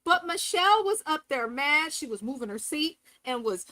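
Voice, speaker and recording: A woman with a high, bright voice hosts a live recap of a reality show. She talks candidly and swears freely, acting out the cast's lines as she goes. Her voice sounds close and dry. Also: animated, normal speed, dry recording, low-quality recording. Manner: candid, profane, dramatic quoting of cast members. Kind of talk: live casual review commentary.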